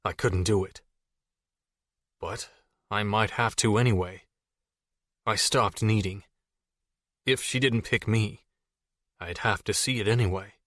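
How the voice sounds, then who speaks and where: Low-voiced male audiobook narrator. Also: unhurried, long pauses, a bit bright, dry recording, clean studio sound. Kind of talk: scripted first-person narration.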